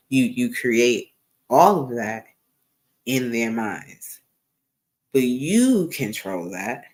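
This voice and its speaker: A woman hosting her own live stream, talking candidly and emphatically in a casual monologue, often repeating phrases for stress. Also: extremely low pitch. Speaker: livestream host.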